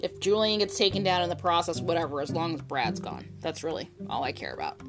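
A woman's voice: fairly low pitch, animated, fast. A woman giving a casual, opinionated recap of an episode, chatting along and acting out the quotes as she goes. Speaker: soap opera recapper. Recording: music playing underneath.

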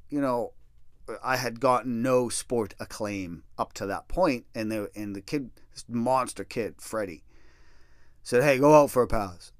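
A middle-aged man spins a long personal story in casual, profane speech. His pitch rises and falls a lot as he talks. The sound is dry and close, with no room around him. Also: clear, resonant tone, no echo. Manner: profane, self-deprecating, animated storytelling.

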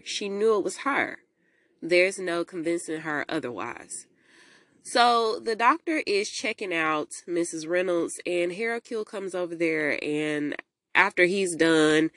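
A woman casually recapping a movie for her podcast listeners, telling it in an animated way and acting out the characters' lines. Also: fairly low pitch, measured pace, no echo, studio quality. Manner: animated storytelling, talks to listeners as "y'all", acts out quotes in character voices. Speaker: podcast host recapping a film.

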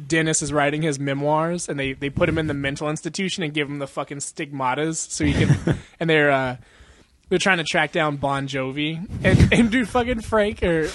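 In casual podcast chat, this young co-host rambles, curses, laughs often and performs the quotes he repeats. His voice is on the high side and a bit bright, with no room sound.

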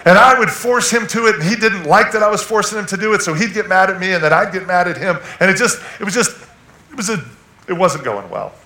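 A man preaching a sermon, telling a personal story with animated swings from loud to hushed. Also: sits high, fast, roomy sound. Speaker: guest preacher. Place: church sanctuary.

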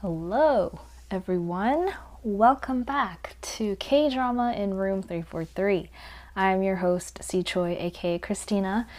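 Congested young woman podcast host, unhurried, rambling recap talk with faint background noise. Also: mid-range voice. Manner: rambling, self-correcting, drops to quiet asides. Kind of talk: casual chat recap.

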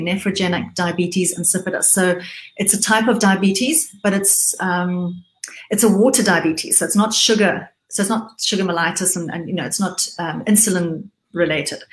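A middle-aged woman from southern Africa, a guest speaking candidly in casual conversation, halting and restarting often. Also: on the low side, roomy sound, low-quality recording.

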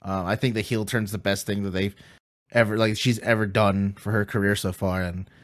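A man's voice: on the low side, flat delivery, moderate pace, no room sound, studio quality. A man co-hosting a podcast, recapping matches casually with lots of fillers and easy laughter. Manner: laughs easily, many fillers. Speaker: podcast co-host.

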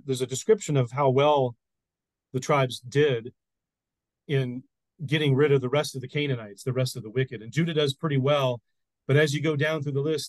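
A man's voice: medium pitch, no echo, rough recording. A man, a pastor and podcast co-host, explaining Bible stories in casual chat with frequent restarts.

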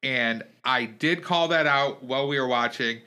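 A man's voice: mid-range voice, moderate pace, pushed and bright, smooth. A man co-hosting a podcast, casually recapping a reality show in a wry, exasperated way, acting out quoted lines. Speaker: podcast co-host.

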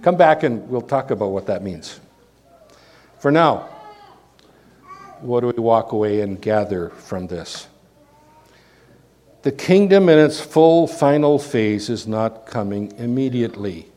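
A man with a Canadian accent, a pastor preaching a sermon full of rhetorical questions and sudden swings in loudness. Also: medium pitch, animated, a little slow, pauses often.

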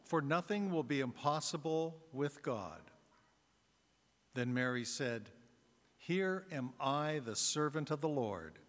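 Slow-reading deacon in an echoing church. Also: male voice, mid-range voice, lively intonation. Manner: slow, measured proclamation. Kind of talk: scripture reading. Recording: long church reverb.

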